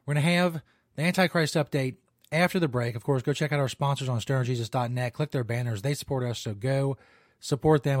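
A man hosts a comedic podcast in a crude, offhand, joking manner. His voice sits at an ordinary pitch and is recorded close and dry, with no room sound. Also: no room sound. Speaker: podcast host. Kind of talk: casual comedic podcast talk.

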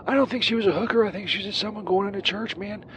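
High-voiced rambling male caller. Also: steady tone, quick pace, a bit bright, a little hiss or hum. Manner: stammering, crude, rambling with many fillers. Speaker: regular caller. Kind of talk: rambling prank-style phone call.

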